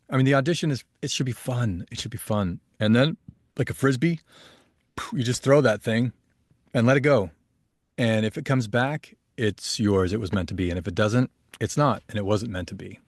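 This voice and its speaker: A young adult man, a voice actor, chatting in a relaxed, rambling way as an interview guest. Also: medium pitch, normal speed, no echo, clean studio sound. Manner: relaxed, rambling, laughs easily. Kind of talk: casual interview chat. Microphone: home studio mic.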